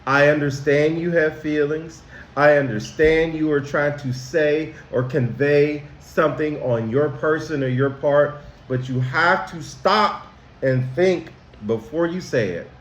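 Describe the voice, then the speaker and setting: A man, a school counselor, teaching children about manners in a slow, emphatic way, asking them questions directly. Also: on the high side, reverberant.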